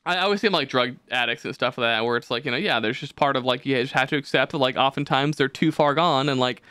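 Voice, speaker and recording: A man's voice: mid-range voice, fast talker, pushed and bright, clear, resonant tone, no room sound. A man co-hosting a podcast, rambling casually with lots of swearing and fillers. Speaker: podcast co-host.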